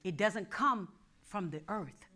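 A middle-aged woman pastor preaching a sermon in call-and-response style, often breaking into shouts. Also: mid-range voice, animated, slow, rough recording.

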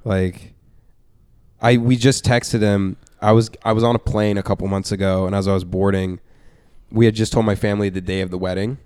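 Low smooth-voiced young man, rambling. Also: little pitch movement, brisk, darkish tone, no room sound, studio quality. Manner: candid, rambling storytelling with many fillers. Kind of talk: casual chat.

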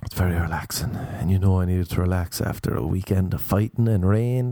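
A man's voice: sits low, fairly quick, mellow, dry recording. A male comedian telling rambling, self-mocking stories in a laid-back, casual monologue.

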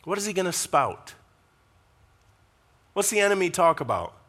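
Animated man preaching a sermon. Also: sits high, normal speed. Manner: animated, conversational preaching with asides to the congregation. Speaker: pastor.

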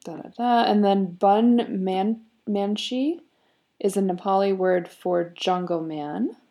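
Giggly podcast co-host, woman, gravelly and mellow, telling a story. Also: mid-range voice, slow. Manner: giggly, with frequent fillers and laughs. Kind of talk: casual chat and story retelling.

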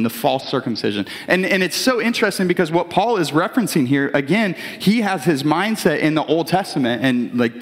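Guy giving a casual sermon, kinda high voice, lots of restarts, big reverby church hall. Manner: conversational preaching with many restarts, voices imagined characters. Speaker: pastor. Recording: long reverb of a large hall.

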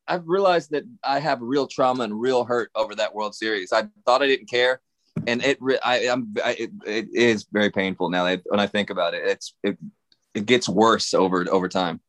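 A man's voice: lowish voice, moderate pace. Ranting, swearing male podcast co-host. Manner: swearing, animated ranting with laughs. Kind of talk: casual chat.

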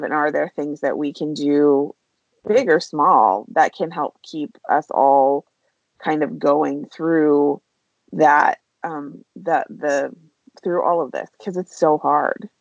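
A woman's voice: low voice, vocal fry, no echo. Candid woman podcast host, dull dry sound. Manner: candid, fast-flowing, emotional. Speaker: podcast co-host, veterinary practice leader. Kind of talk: casual podcast conversation.

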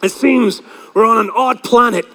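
A man imitating a commanding male starship captain in a put-on American accent, with halting, dramatic pauses. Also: very high-pitched, creaky, a bit bright, in a large hall, exaggerated voice.

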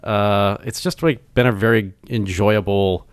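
A man's voice: fairly low pitch, fairly even intonation, measured pace, clean tone, no echo. A young man hosting a podcast, chatting casually in a rambling, enthusiastic way with plenty of fillers. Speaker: podcast host. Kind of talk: casual chat.

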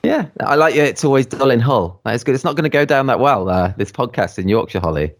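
In a relaxed interview, a man hosting a podcast talks with his guest in an effusive, enthusiastic way. He speaks fast, with an expressive, mid-range voice.

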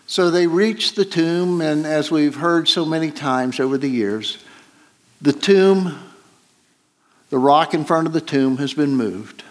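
Slow, halting male preacher. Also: a little high. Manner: slow, halting storytelling with many pauses and fillers. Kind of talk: sermon.

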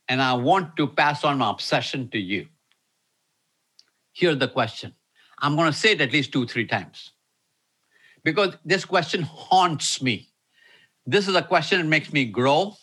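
A man preaching to an online audience, repeating key lines slowly and emphatically. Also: fairly high pitch, sharp tone, husky. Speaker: pastor. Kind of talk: sermon with live Q&A.

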